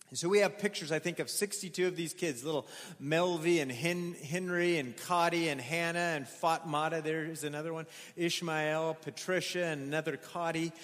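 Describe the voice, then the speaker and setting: A man speaking in a fairly high register, relaxed and conversational as he tells stories to a congregation. His voice rings out with the long reverb of a large church hall. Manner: chatty, storytelling, loose with fillers. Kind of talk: mission trip report to a congregation.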